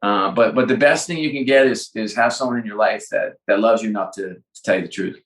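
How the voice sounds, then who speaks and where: Animated middle-aged man, roomy sound. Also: on the low side, fairly quick. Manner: animated storyteller, acts out dialogue. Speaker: sports executive guest. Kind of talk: conversational interview. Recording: roomy echo.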